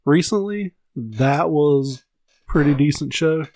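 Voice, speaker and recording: A man's voice: fairly high pitch, slow, darkish tone, no echo. A man co-hosting a podcast in casual chat, mostly giving short agreeing replies and swearing casually. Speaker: podcast co-host.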